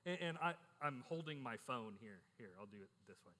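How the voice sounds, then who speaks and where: A middle-aged pastor preaches a sermon candidly and conversationally in an echoey church hall. His mid-range voice is a little fast and sharp with lively intonation, and he often repeats words as he starts a sentence.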